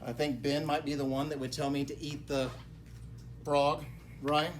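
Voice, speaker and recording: A man giving a motivational talk to a group of realtors, telling a personal story dramatically, dropping to hushed tones and then bursting out loudly. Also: flat delivery, moderate pace, a little hiss or hum. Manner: dramatic, swings between hushed low tones and loud outbursts. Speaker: mortgage lender speaking to realtors. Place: real estate office meeting room.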